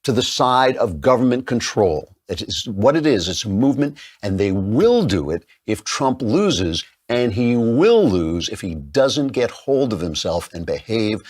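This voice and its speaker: A man's voice: lowish voice, sing-song, unhurried, hardly any pauses, a little mellow. A middle-aged man hosting a show, delivering emphatic, combative opinion commentary. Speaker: political commentary host.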